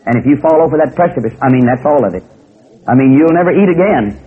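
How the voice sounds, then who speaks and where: A man voicing a wise, cautious mother eagle who gives soft, low motherly warnings. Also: animated, fast, natural voice. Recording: tinny phone-like recording.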